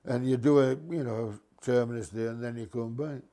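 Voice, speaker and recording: An older man who used to drive a bus spins a casual yarn in a mid-range voice at a moderate pace. He's a lively, mischievous storyteller who uses dialect grammar.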